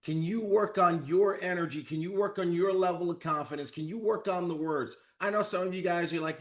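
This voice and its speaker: Male motivational trainer, energetic coaching delivery, slightly high pitch. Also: fairly quick, few pauses. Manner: energetic, coaching, acts out phone calls. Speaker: network marketing trainer. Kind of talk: motivational talk.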